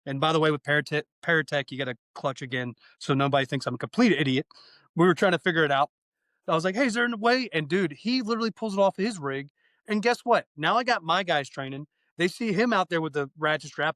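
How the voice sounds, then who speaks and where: A man chatting as a podcast guest about fire training, excitable and profane, acting out bits of dialogue as he talks. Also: a little high, fast, dry recording. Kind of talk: casual podcast chat.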